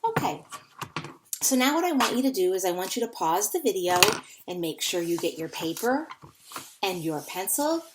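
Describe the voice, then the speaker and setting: A woman's voice: mid-range voice, very animated, moderate pace, noisy background. A woman teaching a phonics lesson to young children, patiently repeating words to sound them out.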